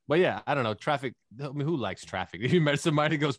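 A man talking in a casual podcast chat, jumping his pitch up and down as he jokes. His voice sits dry and close, with no room sound. He exclaims and teases the others freely. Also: fast, hardly any pauses, dry recording. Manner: animated, joking, exclaims "whoa". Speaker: podcast co-host. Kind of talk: casual banter.

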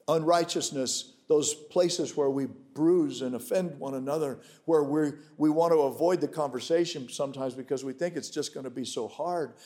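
A man delivers a sermon in a high, light voice. He preaches with emphatic declarations. Then he drops to a quiet, intimate storytelling tone. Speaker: pastor.

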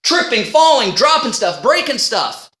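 A man's voice: extremely high pitch, very animated, unhurried, bright, forceful tone. A man preaching a sermon as a minister, telling stories and acting out his own past conversations. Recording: roomy echo.

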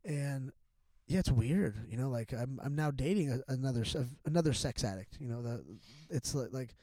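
A man's voice: mid-range voice, moderate pace, warm tone, no room sound. A middle-aged man talking as a podcast guest in a candid, casual chat, rambling and profane, with many restarts and fillers.

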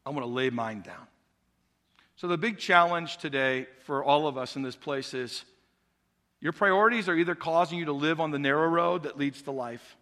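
Male pastor, conversational sermon, questions to the congregation, high bright voice, long church reverb. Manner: conversational, illustrative, asking the congregation.

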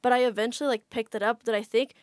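A woman's voice: on the high side, steady tone, rapid-fire, clear, resonant tone, dry recording, clean studio sound. Chatty woman telling a travel story. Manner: chatty, frequent "like" fillers. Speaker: podcast guest. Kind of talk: casual storytelling.

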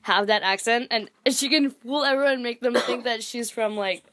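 A woman's voice: fairly high pitch, moderate pace, fairly bright tone. A teenage girl co-hosting a casual podcast, rambling with lots of fillers and giggles. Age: teens. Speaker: podcast co-host. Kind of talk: casual chat.

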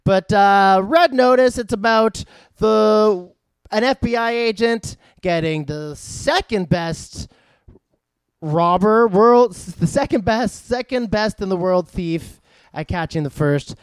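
A man's voice: high-pitched, slow, clean tone, no echo, studio quality. A man from Canada gives a casual, rambling movie review. He uses lots of fillers and swears in passing. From Vancouver, Canada.

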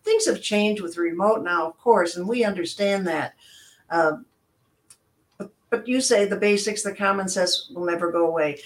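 A woman's voice: mid-range voice, moderate pace. Older female guest, talkative trainer, anecdotal, acts out voices. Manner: chatty, acts out quoted voices. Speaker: guest, customer service trainer. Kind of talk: casual chat, storytelling.

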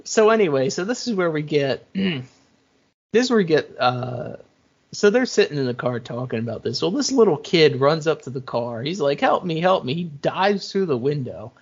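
A man co-hosting a podcast, casually recapping a movie and acting out its lines in an animated way. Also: fairly high pitch, normal speed, slightly rough. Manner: animated, retells scenes with quoted lines and laughs. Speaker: podcast co-host. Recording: muffled lo-fi audio.

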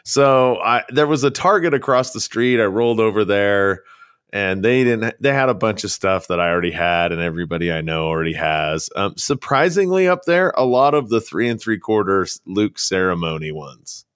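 A man's voice: fairly low pitch, lively intonation, moderate pace, a bit bright, clean tone, dry recording, studio quality. A man co-hosting a podcast, chatting casually and telling rambling anecdotes. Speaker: podcast co-host. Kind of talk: casual chat.

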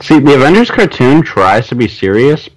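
A man's voice: mid-range voice, big pitch swings, normal speed, low-quality recording. A man co-hosting a podcast, chatting playfully and laughing often. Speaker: podcast co-host. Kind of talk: casual chat.

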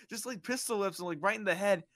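A man from Bosnia, the podcast host, casually telling a childhood story and acting out the people in it with squeaky voices. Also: normal speed, dry recording. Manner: animated, acts out quoted voices in high squeals.

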